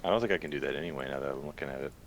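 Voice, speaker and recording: A man with an extremely deep voice talks through his turn at a tabletop game. He is hesitant, pausing with fillers as he checks spell rules aloud. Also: creaky, slight background noise. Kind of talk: casual game table chat.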